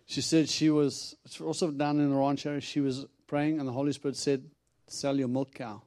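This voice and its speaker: In a storytelling sermon, a traveling preacher speaks at medium pitch and normal speed. He's an animated narrator who acts out the quotes and laughs frequently.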